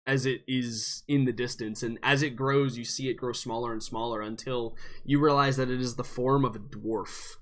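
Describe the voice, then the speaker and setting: A man running a tabletop role-playing game, narrating in a halting, casual way with frequent fillers. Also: mid-range voice, fairly even intonation, fairly bright tone. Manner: halting, many fillers and restarts. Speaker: game master.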